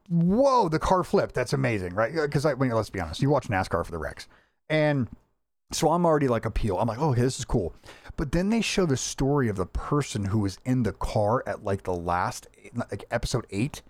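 A man's voice: mid-range voice, no room sound. A man hosting a casual podcast chat, talking in a rambling way with lots of restarts and fillers. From United States. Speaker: podcast host.

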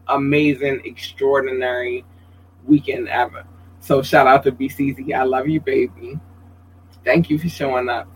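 A man hosting a casual livestream podcast, chatty and expressive, talking straight to his viewers and reading out their comments, his voice leaping up high when he gets excited. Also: slight background noise, poor audio. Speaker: podcast host.

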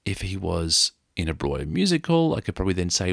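Gravelly deep-voiced Australian man. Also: very animated, a little fast, a bit bright, no echo, studio quality. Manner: rambling, joking, self-mocking. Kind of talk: casual storytelling monologue.

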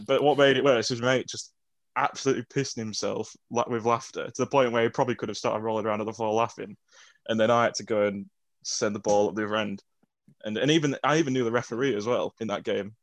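A man's voice: lowish voice, dry recording. A man co-hosting a podcast, telling a story in a casual, hesitant, self-deprecating way with many fillers. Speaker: podcast co-host.

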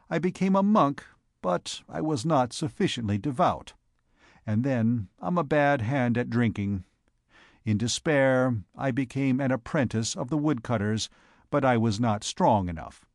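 Man playing a wry young vagabond poet, rambling and self-mocking, mid pitch, dry sound. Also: no echo.

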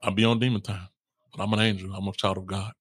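A man's voice: lowish voice, little pitch movement, fast, a bit bright, breathy edge, no echo. A man co-hosting a casual relationship podcast, talking in slang, repeating himself and laughing often. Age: adult, older than co-host. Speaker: podcast co-host.

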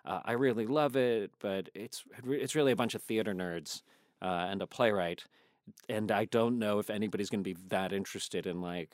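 A man's voice: fairly low pitch, normal speed, dry recording. Man telling stories in dry sound. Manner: animated storyteller, quotes others in changed voices. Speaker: actor guest. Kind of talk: casual interview chat.

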